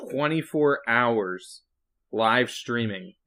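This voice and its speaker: A man's voice: mid-range voice, expressive, extremely slow, pushed and bright. Preacher guy cohost, dry teasing comments, laid back. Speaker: podcast co-host, preacher. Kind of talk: casual chat.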